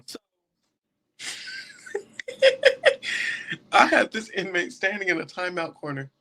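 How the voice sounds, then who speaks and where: A man's voice: high voice, huge pitch swings, takes it slowly, pushed and bright. A young man, a jail deputy and podcast guest, telling a story casually and laughing often as he goes. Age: young adult.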